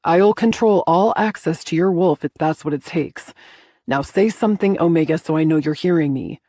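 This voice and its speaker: A woman voicing a commanding alpha man who speaks low, firm and insistent. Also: normal speed, gravelly, warm tone, husky, no echo, studio quality, heavily acted. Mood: stern.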